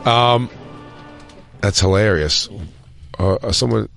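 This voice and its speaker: A man's voice: lowish voice, slow, creaky, fairly bright tone, faint music behind. A man co-hosting a podcast, chatting in loose, crude banter. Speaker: podcast co-host. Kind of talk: casual chat.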